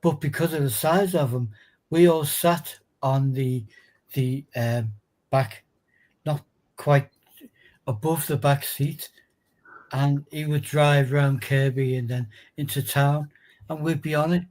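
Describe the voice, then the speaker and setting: A man joins the show as a guest and talks with easy enthusiasm, slipping into stories from his younger days. His voice sits slightly high for a man, and his talk is relaxed and conversational. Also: slow pace. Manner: enthusiastic, anecdotal. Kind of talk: casual chat.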